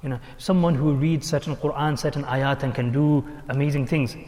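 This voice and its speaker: A man's voice: medium pitch, a little fast, big-room sound. A man teaching as a religious speaker, telling stories animatedly and acting out the people he quotes, with frequent restarts. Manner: animated storyteller who acts out quoted speech, with frequent restarts. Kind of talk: storytelling sermon.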